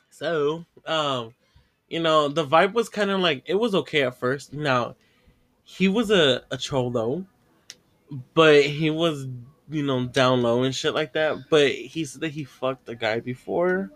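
Telling a long story on his podcast, a man speaks at a measured pace in a slightly high, somewhat bright voice. The chat is casual and profane, with laughter and acted-out dialogue from the story.

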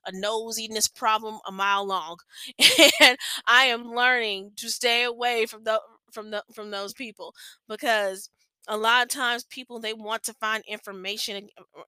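A woman's voice: fairly high pitch, bright, forceful tone, clean tone, dry recording. A young adult woman hosting a faith-based podcast, talking earnestly in a rambling way with many restarts. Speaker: podcast host.

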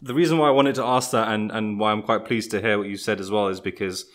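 Fast-talking low-voiced man. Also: steady tone. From Britain. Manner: fast talker who repeats and restarts. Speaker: podcast host. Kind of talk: casual podcast conversation.

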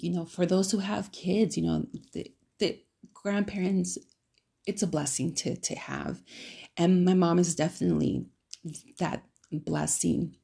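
A woman from California talking on her podcast in a loose, loving monologue. Her low voice has a gravelly, husky edge and a mellow, darkish tone. She rambles fondly, full of fillers and restarts. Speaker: podcast host. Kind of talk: casual solo podcast monologue.

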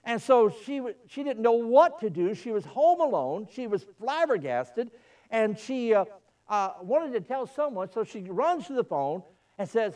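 A fervent male pastor preaches in a church, his fairly high voice rising and falling dramatically. He is caught from some distance, so the sound feels a little far off. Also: very animated, measured pace, darkish tone. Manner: storytelling, fervent. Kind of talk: sermon.

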